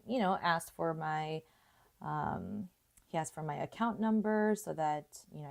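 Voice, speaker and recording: A young woman leads a live watercolor lesson in a relaxed, chatty way, musing aloud as she works. Her voice sits a little low, and she breaks into easy laughter between comments. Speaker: art tutorial host. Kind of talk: live painting tutorial chat.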